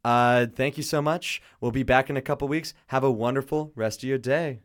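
Male radio host, casual studio chat, playful, laughs a lot, mid-pitched voice. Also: fairly even intonation, moderate pace.

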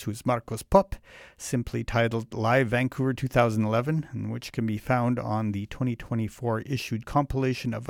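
A man's voice: mid-range voice, creaky, darkish tone, dry recording, clean studio sound. A man hosting a community radio music show, talking casually and rambling a little between fillers and asides. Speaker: radio host. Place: radio studio. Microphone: studio mic.

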